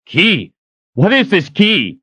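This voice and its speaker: A man's voice: high-pitched, big pitch swings, slow pace, pushed and bright, husky, dry recording, voice pushed up, exaggerated voice. Man doing a formal, earnest warrior. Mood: puzzled. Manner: formal, no contractions, puzzled.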